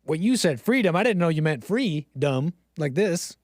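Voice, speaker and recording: A man's voice: on the high side, very animated, normal speed, no room sound, studio quality. A man hosting a casual livestream, rambling and sarcastic, mocking others with exaggerated gasps. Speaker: livestream host.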